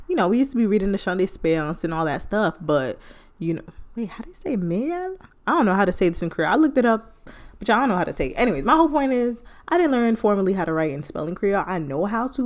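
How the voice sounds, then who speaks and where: Female podcast host, playful chatty delivery, mid-pitched. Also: a little mellow. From United States. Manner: playful, chatty, laughing asides. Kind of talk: casual solo podcast talk.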